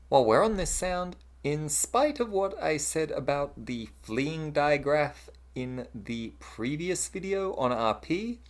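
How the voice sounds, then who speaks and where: A narrator delivering a scripted lesson on accents. The pitch rises and falls in a lively way, and the reading sounds explanatory and even.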